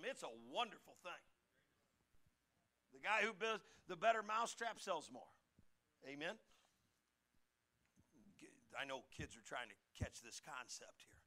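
A man preaching in a folksy, chatty way, pushing hard on key lines and asking the room to say phrases back. His voice sits high for a man, with a sharp, bright edge. He moves between relaxed storytelling and emphatic sermon points. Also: a little slow, pauses often. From United States. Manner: folksy preaching, rising to emphatic calls for the congregation to repeat. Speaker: pastor.

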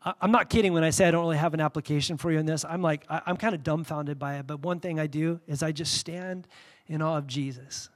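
A man delivers a sermon in a slightly high voice. He talks candidly and animatedly, telling stories with loud bursts. He then drops into quiet, reverent passages. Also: fairly even intonation, fast talker. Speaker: pastor.

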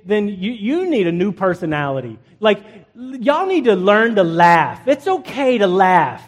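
A man preaching a sermon as pastor, humorous and animated, laughing often. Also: high voice. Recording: long hall reverb.

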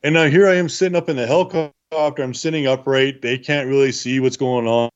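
A man's voice: mid-range voice, fairly even intonation, quick pace, clear, resonant tone, dull audio. Man telling a story with good humor. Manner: rambling, good-humored, laughs while telling. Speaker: interview guest, bear attack survivor. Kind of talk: casual storytelling.

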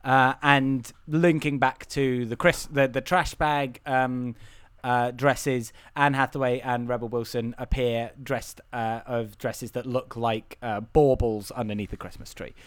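A man's voice: mid-range voice, steady tone, unhurried, fairly bright tone, clear, resonant tone, no room sound. A British man co-hosting a casual film review podcast, laughing often and putting on voices for quotes. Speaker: podcast co-host.

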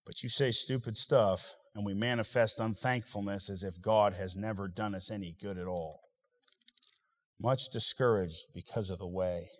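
A man's voice: on the low side, moderate pace. Preaching man in a reverberant hall. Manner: swings from loud rising preaching to quiet asides. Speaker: pastor. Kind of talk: sermon.

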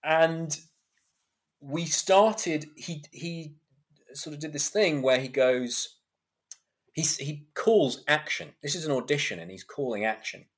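A man in his thirties, an actor guest on a podcast, telling animated anecdotes and laughing often. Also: on the high side, takes it slowly, husky. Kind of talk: podcast interview storytelling.

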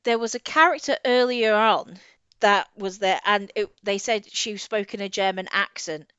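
A woman co-hosting a casual book discussion, chatty and quick to laugh, often trailing off and restarting. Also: mid-range voice, pushed and bright, smooth, dry recording. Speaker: podcast co-host. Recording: slightly dull lo-fi audio.

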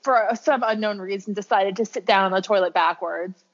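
A woman with a medium-pitched voice talks a little fast, recounting her own birth story as a podcast guest. She's a birth worker who has clients, and her casual, chatty telling is packed with "like" and "um." The recording sounds dull and lo-fi.

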